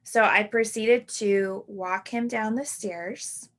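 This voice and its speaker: A woman in her thirties hosting a podcast, reflecting on a personal story in a halting way, full of "like" and restarts. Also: mid-range voice, steady tone. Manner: halting, full of "like" and self-corrections. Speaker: podcast host.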